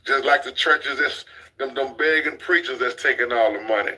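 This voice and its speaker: A man, hosting a casual commentary chat. His voice is very bright and ringing at a middle pitch. He talks bluntly and preaches, hammering the same points again and again. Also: moderate pace, low-quality recording. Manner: blunt, preachy, repeats himself. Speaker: commentary channel host.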